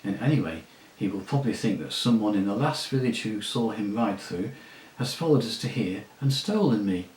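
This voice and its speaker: A man reading aloud, voicing a proud male talking war horse with a brisk, commanding, scornful manner. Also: lowish voice, lively intonation, a little mellow, reverberant, close to an everyday voice, rough recording. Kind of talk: audiobook reading.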